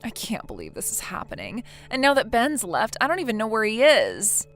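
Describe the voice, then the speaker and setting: A woman's voice: on the high side, huge pitch swings, a little fast, a bit bright, soft background music, heavily acted. A woman voicing a self-pitying young wife in a text-message story, pleading and defensive. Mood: dejected.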